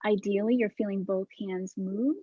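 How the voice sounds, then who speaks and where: A woman instructor calmly guiding a movement class over a video call, demonstrating breaths. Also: mid-range voice, moderate pace, dry recording, dull audio. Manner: calm, soft-spoken cueing with breathy demonstrations.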